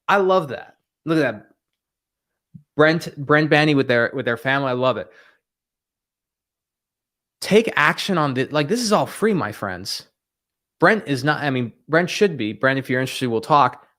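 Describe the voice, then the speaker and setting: A man's voice: on the high side, fairly bright tone. A man hosting a live stream as a sales coach, talking in a blunt, emphatic, scolding way from a room lined with bookshelves. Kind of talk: motivational live-stream talk. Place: room with bookshelves behind him.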